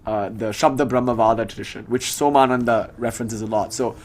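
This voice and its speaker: A young man teaching a spiritual tradition in a relaxed, conversational lecture, reciting terms from a classical language as he explains them. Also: mid-range voice, a little fast.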